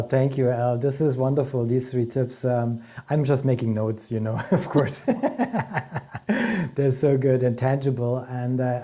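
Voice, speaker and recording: Man coach on a live call, very dark mellow voice, lots of uhs, kinda halting. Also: mid-range voice. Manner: hesitant, many fillers. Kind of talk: live online talk sharing his story.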